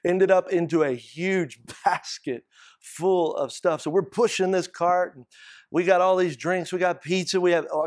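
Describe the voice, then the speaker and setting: A man's voice: a little high, no room sound, clean studio sound. A man preaching a sermon, telling stories and repeating phrases for emphasis. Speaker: pastor.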